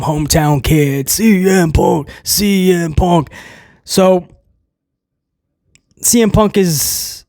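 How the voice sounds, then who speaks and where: A man recapping a wrestling show in a casual, excitable way, rambling with restarts and chuckles. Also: fairly high pitch, no echo, clean studio sound.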